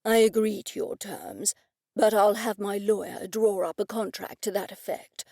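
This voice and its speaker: A woman's voice: medium pitch, fairly even intonation, normal speed, creaky, mellow, no room sound, clean studio sound. Woman putting on a haughty sarcastic earl. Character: pompous sarcastic older male earl.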